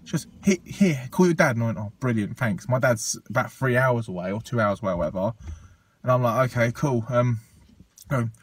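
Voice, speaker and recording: A man's voice: mid-range voice, fairly quick, breathy edge. Young man telling a story. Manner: animated anecdote, acts out quotes, swears freely. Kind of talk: casual podcast chat.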